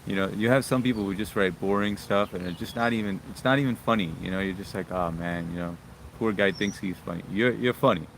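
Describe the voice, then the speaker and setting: A man's voice: sits low, fairly quick, a little hiss or hum. Laid-back man hosting a live stream outdoors. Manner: laid-back, chatty, reads viewer comments aloud. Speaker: live stream host reading chat. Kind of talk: casual live stream chat. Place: outdoors near a yard with brush.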